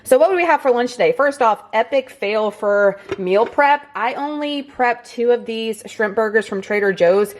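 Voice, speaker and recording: Chatty woman vlogger, slightly high voice. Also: moderate pace, few pauses. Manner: chatty and upbeat, peppered with "like" and "y'all". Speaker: fitness and keto vlogger. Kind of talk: casual vlog talking to camera.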